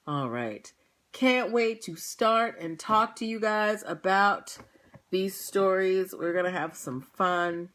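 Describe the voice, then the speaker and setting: In a medium-pitched, slightly bright voice, a young woman takes it slowly while casually chatting with her livestream viewers before the show. She yawns from tiredness and laughs often.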